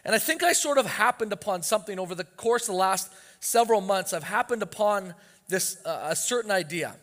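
A man's voice: sits high, lively intonation, brisk, fairly bright tone. A pastor preaching a sermon to his church, earnest and emphatic, his voice rising with urgency on key points. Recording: long reverb of a church hall.

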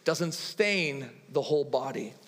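A man in his thirties, a pastor, preaching a sermon in a relaxed, conversational way, telling personal stories with quoted dialogue. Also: medium pitch, unhurried, in a large hall.

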